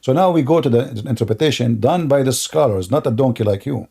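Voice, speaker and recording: A man's voice: medium pitch, brisk, gravelly, mellow, husky. A man hosting a live-streamed religious debate who talks in a combative, insulting way, cuts callers off, and often repeats and restarts his words. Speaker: debate show host.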